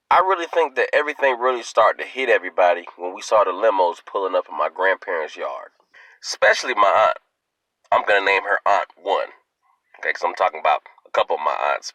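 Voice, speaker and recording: A man telling a comic story to his viewers in a playful, animated way. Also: fairly low pitch, no room sound, low-quality recording. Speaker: video host.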